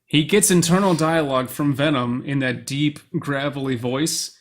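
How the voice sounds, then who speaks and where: A man's voice: mid-range voice, normal speed. A man from the US, a podcast co-host, recapping a film in casual chat and often acting out quoted lines. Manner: animated storyteller, quotes lines in put-on voices.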